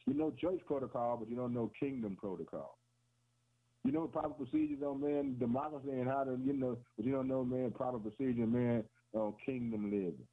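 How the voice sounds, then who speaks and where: A man's voice: mid-range voice, fairly quick, few pauses. A man preaching a sermon on the radio in a rhythmic, repetitive way, often calling his listeners "boy" and "man" and chuckling between phrases. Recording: tinny phone-like radio broadcast.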